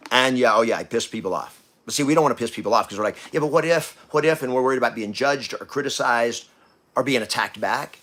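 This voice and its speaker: A man hosting a podcast, giving a blunt motivational talk that swings from quiet to loud, with coarse language. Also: mid-range voice, fast talker. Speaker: podcast host.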